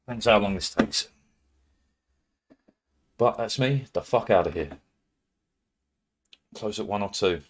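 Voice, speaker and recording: A man's voice: fairly low pitch, measured pace, pauses often, slight background noise. Sweary British man chatting on a stream. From Britain. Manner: rambling, sweary, laughs a lot. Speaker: livestreamer. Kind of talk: casual live-stream chat.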